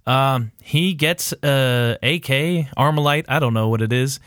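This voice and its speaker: Male podcast co-host, mid-pitch, rambling and profane, dry close mic. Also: measured pace, a bit bright, dry recording. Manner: rambling, profane, full of fillers and quoted asides. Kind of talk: casual TV recap chat.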